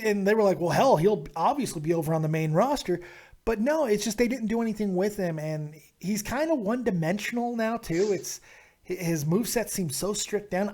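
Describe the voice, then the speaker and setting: Casting: casual call-in show host, man, higher voice, animated. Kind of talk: live show call-in chat.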